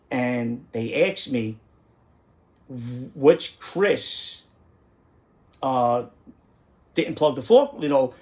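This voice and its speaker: Indignant middle-aged man. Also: mid-range voice. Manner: indignant, rambling, repeats phrases for emphasis. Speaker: host. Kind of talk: casual monologue rant.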